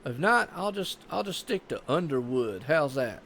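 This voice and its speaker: A man's voice: fairly high pitch, sing-song, normal speed, gravelly, fairly bright tone, a little hiss or hum. A man with a Southern US accent giving casual, rambling live commentary on a sim race and chatting with viewers.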